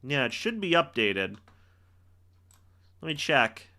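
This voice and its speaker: Lively, bright-voiced young man calling a game. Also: mid-range voice, takes it slowly. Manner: shouts and teases players on big plays. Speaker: live-stream game reaction host. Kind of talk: excited live play-by-play reaction.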